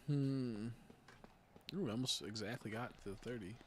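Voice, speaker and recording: A man's voice: mid-range voice, unhurried, a little hiss or hum. A young man streaming live, chatting casually, laughing a lot, swearing freely and ranting in fun.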